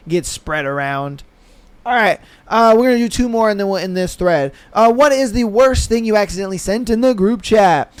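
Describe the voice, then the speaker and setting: A young man with a high, smooth voice hosts his podcast in loose, slangy commentary, blunt and animated. The recording is dry and close to the mic. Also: no echo. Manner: animated, slangy and blunt, with frequent laughs and "you know what I mean". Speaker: podcast host. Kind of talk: casual solo podcast commentary.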